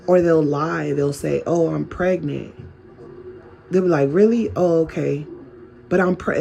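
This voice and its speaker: A man's voice: on the high side, gravelly. A man talking straight to his viewers in a casual advice monologue, chatty and full of rhetorical questions. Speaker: vlogger.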